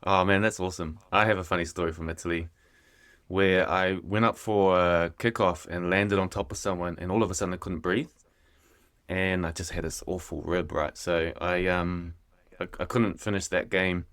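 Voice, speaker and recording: Low-voiced New Zealand man hosting. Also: normal speed, clear, resonant tone, dry recording. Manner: relaxed, uses Kiwi slang like "bro" and "eh". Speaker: podcast host. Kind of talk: casual conversational interview.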